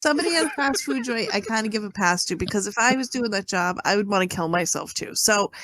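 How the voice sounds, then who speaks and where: A woman's voice: mid-range voice, lively intonation, fast talker, a bit bright, no echo. A woman co-hosting a casual podcast, telling a rambling story with lots of "like" and "you know". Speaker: podcast co-host. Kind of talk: casual chat.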